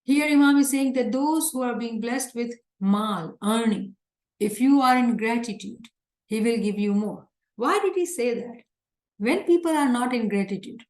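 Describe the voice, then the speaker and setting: A woman's voice: fairly high pitch, a little mellow, reverberant. A woman teaching a religious lecture in an earnest, emphatic way, often repeating her points. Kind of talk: religious lecture explaining scripture.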